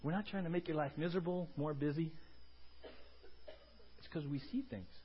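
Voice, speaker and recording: A male pastor preaching a lively sermon, acting out scenes and often asking "right?". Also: a little high, normal speed, dull audio. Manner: animated, acts out film scenes, keeps asking "right?".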